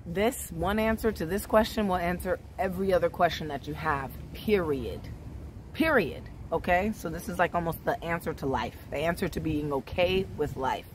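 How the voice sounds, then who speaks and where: Woman, lowish voice, laid-back spiritual vlogger, faint background noise. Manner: relaxed, chatty, repeats "right?" often. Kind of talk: casual spiritual vlog talk.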